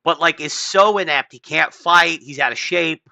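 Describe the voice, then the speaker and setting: Bright-voiced man riffing casually. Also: fairly high pitch, normal speed, vocal fry, dry recording. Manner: rambling, swearing, mocking voices. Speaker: podcast host. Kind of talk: casual political chat.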